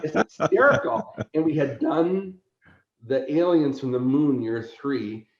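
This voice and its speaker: A man, a convention organizer appearing as a podcast guest, telling an animated story, laughing often and acting out quotes. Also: a little high, a little slow. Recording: roomy echo, dull lo-fi sound.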